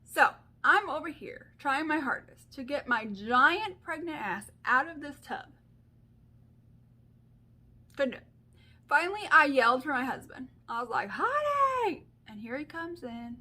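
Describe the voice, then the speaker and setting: A woman's voice: high-pitched, animated, normal speed, bright, forceful tone. A woman in her thirties telling a story to her viewers in a casual, chatty vlog, full of fillers and asides. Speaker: beauty vlogger.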